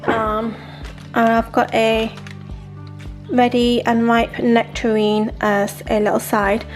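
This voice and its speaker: A woman's voice: fairly high pitch, slow pace, soft background music. A woman cooking in her home kitchen, chatting casually to the camera as she goes. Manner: chatty, relaxed, often says um and like. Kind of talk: casual chat.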